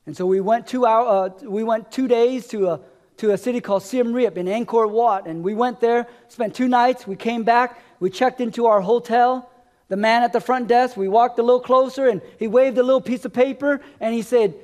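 A middle-aged man from America, a pastor preaching a sermon from the stage, telling stories and letting his voice fall low and soft at the ends of lines. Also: moderate pace. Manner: storytelling, dropping low and soft at line ends. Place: church. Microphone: live-streamed stage mic.

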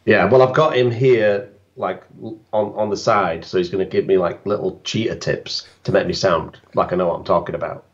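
A man's voice: deep voice, steady tone, normal speed, few pauses, muffled recording. A man, a guest landscape photographer, bantering with dry, self-mocking humor on a live stream.

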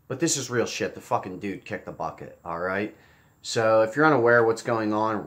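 Male commentator, mid-pitched, blunt sarcastic rant with swearing and repeated lines. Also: a bit bright. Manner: blunt, profane, sarcastic ranting; repeats phrases for emphasis. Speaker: political commentator. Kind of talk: casual commentary vlog.

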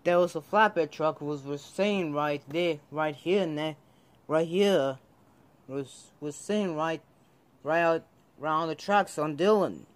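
A man narrating a homemade train story in a slow, halting way with many restarts. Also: a little high.

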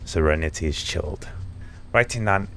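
A man doing gaming commentary, sarcastic and swearing, reading game text aloud haltingly. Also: low voice, gravelly, fairly bright tone, a little hiss or hum. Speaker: let's play host. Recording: game music behind.

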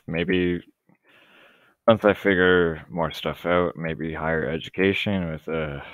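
A man's voice: low voice, vocal fry, no room sound. A young man, losing his voice, rambling hesitantly and sarcastically through casual gameplay commentary. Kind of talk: casual let's-play commentary. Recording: tinny lo-fi dry mic.

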